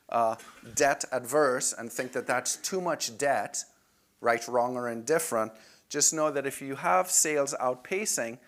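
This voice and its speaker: A man's voice: mid-range voice, fairly bright tone. A man presenting club finances to members in a conversational way, often saying "if you will".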